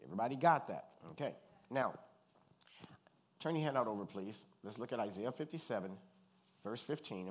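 A man from Louisiana preaches a relaxed, conversational sermon at a middle pitch. He tells stories with humor and keeps checking in with his listeners. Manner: animated storyteller, joking asides, calls for congregation response. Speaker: pastor.

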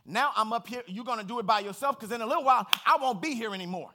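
A middle-aged man delivers a sermon from the pulpit in a high-pitched voice. He is earnest and personal and speaks in plain words. His tone is bright and forward. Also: lively intonation, rapid-fire. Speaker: pastor.

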